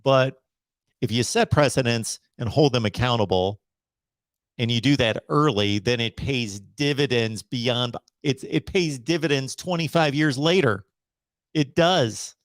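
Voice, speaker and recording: A middle-aged man hosting a live sports call-in show who talks in a casual, preachy, emphatic way, slowing down to hammer each point. His voice sits at an ordinary pitch for a man. The sound is dry and close, with no room around it. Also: no room sound. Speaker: host of a college football call-in show. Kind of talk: casual livestream monologue.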